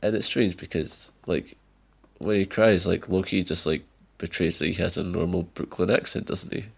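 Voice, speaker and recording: Low gravelly man. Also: normal speed, darkish tone. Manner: rambling, many "like" fillers, laughs often. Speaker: podcast co-host. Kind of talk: casual chat recapping wrestling.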